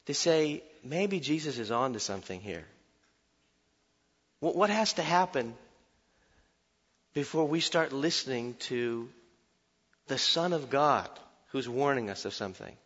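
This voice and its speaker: Male pastor, sermon, forceful and bright, animated with self-mocking humor; slightly muffled recording with long church reverb. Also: fairly high pitch, slightly rough. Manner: animated, shifts from shouted warnings to quiet reflection, self-deprecating humor. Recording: dull sound with long hall reverb.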